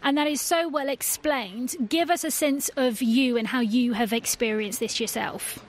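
A woman hosting a radio panel with a fairly high voice. She keeps the talk moving, inviting each guest in with open questions. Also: steady tone, moderate pace. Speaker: radio host. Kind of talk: radio discussion.

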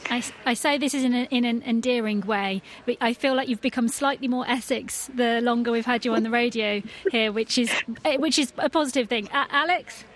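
A woman hosting a radio news programme, moving the guests along briskly and reading links. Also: on the high side. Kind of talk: broadcast presenting.

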